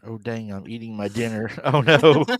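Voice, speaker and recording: A man's voice: mid-range voice, fairly bright tone, dry recording. A man hosting a live show, casually retelling a story with quoted dialogue and laughing often. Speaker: podcast host.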